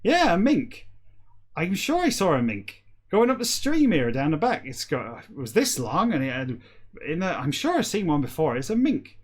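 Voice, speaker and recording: Earnest rural gardener, high farmer voice, put on by a man. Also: huge pitch swings, normal speed, husky, full character voice. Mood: earnest puzzlement. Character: rural male West Country gardener, earnest.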